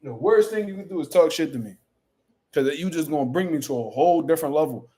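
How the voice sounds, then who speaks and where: A man's voice: fairly high pitch, lively intonation, quick pace, warm tone, husky. A young man hosting a boxing channel, chatting casually on a livestream in a boastful, profane, rambling way.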